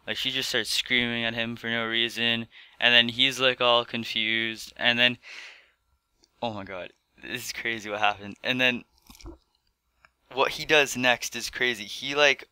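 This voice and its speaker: A man's voice: mid-range voice, steady tone, a little slow, sharp tone, smooth, dry recording. A teenage boy telling a storytime vlog in casual chat, rambling with lots of fillers. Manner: rambling, filler-heavy with many "like"s. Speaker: vlogger. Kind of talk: storytime commentary.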